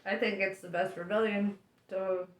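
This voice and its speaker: A woman reading a novel aloud in a chatty, relaxed way. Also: medium pitch, normal speed. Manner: chatty and relaxed, laughing between lines. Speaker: audiobook reader. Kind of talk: casual audiobook reading. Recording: roomy echo.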